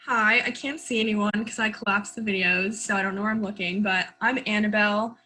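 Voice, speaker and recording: A young woman introducing herself in a quick, chatty way on a video call. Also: mid-range voice, steady tone, bright, forceful tone, low-quality recording. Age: young adult. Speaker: club vice president.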